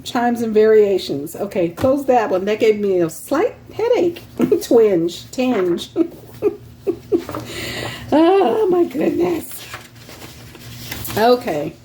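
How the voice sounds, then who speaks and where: Woman, unhurried seller's chatter, light room hum behind, laughs between items. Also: mid-range voice, darkish tone. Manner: chatty, laughs often, reads titles aloud as she browses. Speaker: online craft seller. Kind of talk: casual show-and-tell sales vlog.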